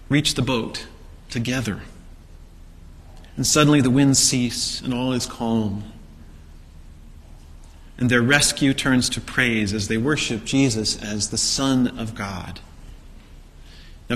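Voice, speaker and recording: A man delivers a sermon in a bright, forceful voice. He retells the story vividly, asking rhetorical questions and acting out the quotes. His voice rings with a long reverb, as in a large hall. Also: medium pitch. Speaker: preacher.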